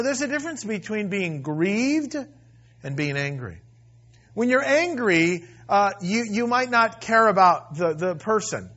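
A man preaching a sermon in an earnest way, repeating and restarting words, swelling loud and then dropping soft. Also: sits high, dull audio. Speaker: pastor.

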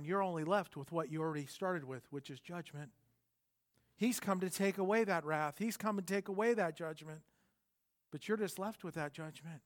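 A pastor with a notably high voice delivers a sermon in an earnest, conversational way. He drops to near-hushed lines, then rises to emphatic points, with restarts and fillers along the way. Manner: earnest preaching, swinging between soft and emphatic.

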